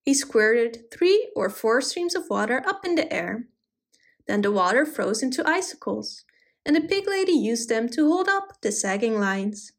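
A woman reading a children's story aloud in an expressive storytelling manner. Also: on the high side, measured pace.

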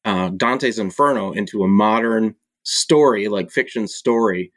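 A man from Michigan, an author and publisher, chatting casually as a podcast guest and laughing at himself between halting fillers. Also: lowish voice, fairly bright tone, dry recording. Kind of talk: casual conversation.

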